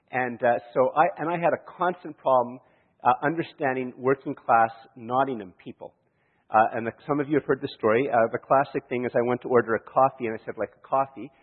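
A man's voice: medium pitch, husky. A man from Canada, preaching a sermon and telling stories, often restarting his sentences and chuckling. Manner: storytelling, chuckling, many restarts. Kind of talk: sermon with anecdotes. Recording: echoey hall, tinny lo-fi sound.

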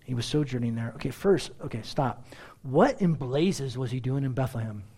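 A man preaching a verse-by-verse sermon with sarcastic asides and rhetorical questions, swinging between loud exclaims and hushed asides. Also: mid-range voice, normal speed, breathy edge. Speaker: pastor. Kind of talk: expository sermon.

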